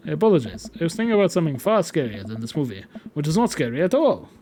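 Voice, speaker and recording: A man's voice: fairly high pitch, very animated, very fast, mellow, slight background noise. Man doing a flustered posh British gent. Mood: apologetic. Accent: put-on posh British. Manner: flustered, overly formal. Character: nervous posh adult man on a movie date.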